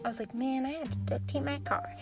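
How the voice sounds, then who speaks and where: A young woman's high voice, with fairly even intonation, rants through stories on her podcast as music plays behind her. Her storytime monologue is sarcastic and profane, switching rapidly between mock voices.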